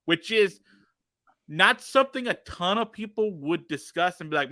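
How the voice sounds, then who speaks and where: A man co-hosting a podcast in an easygoing, animated way, cracking jokes as he talks. His voice sits a little high and sounds bright and forceful. The recording is dry and close to the mic. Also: normal speed, no room sound. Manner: animated, joking, laughs often. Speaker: podcast co-host. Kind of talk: casual chat.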